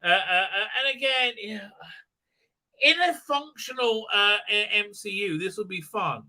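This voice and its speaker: A man's voice: sits high, unhurried, pushed and bright. A middle-aged man hosting a live stream from his desk, rambling sarcastically and swearing, full of fillers and restarts.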